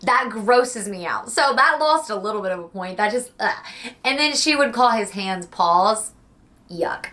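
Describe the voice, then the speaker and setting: A young woman casually chatting about books she read, gushing and slangy, animated and talkative. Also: mid-range voice, unhurried. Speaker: book vlogger. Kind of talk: casual book review chat.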